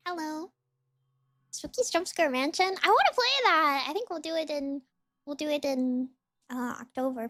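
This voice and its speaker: A woman's voice: sits high, fairly bright tone, no room sound. A young woman streaming as a VTuber, chatting with her viewers in a bubbly, giggly way and thanking raiders. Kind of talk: casual livestream gaming chat.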